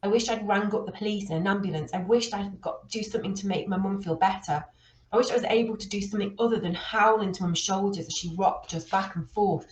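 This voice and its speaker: A woman reading a children's novel aloud, with steady, expressive storytelling. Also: medium pitch, echoey room, low-quality recording. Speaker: reader.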